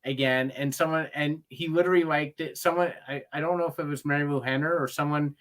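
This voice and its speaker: A man chatting casually about films as co-host, enthusiastic and quick to agree. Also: fairly high pitch, fairly even intonation, a bit bright. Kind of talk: casual movie chat.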